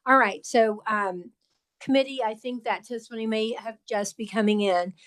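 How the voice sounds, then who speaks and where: A woman chairing a committee hearing, calling on speakers in a brisk, procedural way. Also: a little high, fairly bright tone. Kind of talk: running a hearing.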